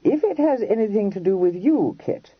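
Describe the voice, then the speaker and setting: A man playing a blunt young Regency dandy in an audiobook, clipping his slangy phrases short with a lively, up-and-down delivery. The voice sounds husky, in a dry, dull recording. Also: sits high, moderate pace, no room sound, voice pushed up, full character voice.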